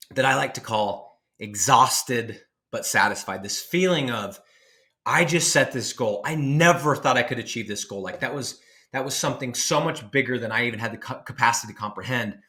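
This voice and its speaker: A man's voice: medium pitch, sharp tone. A man in his thirties giving an emphatic, rambling motivational talk to camera, with many restarts. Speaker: online business coach.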